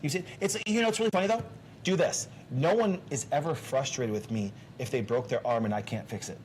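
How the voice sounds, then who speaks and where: A man's voice: mid-range voice, a little fast, darkish tone, slight background noise. A man hosting a casual health talk show as a doctor, talking emphatically, with restarts and rhetorical questions.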